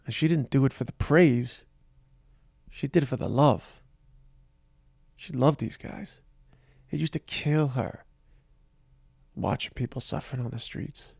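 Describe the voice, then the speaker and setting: A man hosting a podcast, talking slowly and reflectively in a tired, halting personal monologue. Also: mid-range voice, vocal fry, a little mellow, breathy edge, no echo, clean studio sound. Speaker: podcast host.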